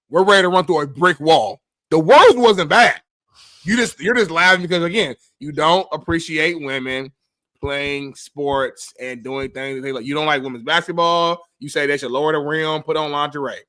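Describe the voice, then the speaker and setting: A laid-back man co-hosting a sports talk show in slangy banter. His voice sits a little high, and he argues calmly before punching up the volume to make a point. The studio sound is dry and close. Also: no room sound.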